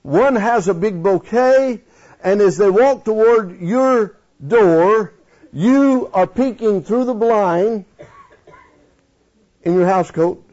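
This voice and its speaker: Preacher man, high husky voice, slow and folksy, kinda dull lo-fi church recording. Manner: folksy and animated, questioning the congregation. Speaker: pastor. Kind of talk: sermon. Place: church sanctuary. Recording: dull lo-fi sound.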